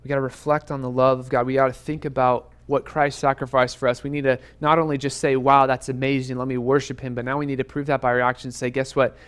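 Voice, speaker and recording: Here the youth pastor talks fast with few pauses, his medium-pitched voice fairly bright and clean but showing little pitch movement. The young adult man preaches urgently and earnestly to students in a church youth room, repeatedly posing rhetorical questions.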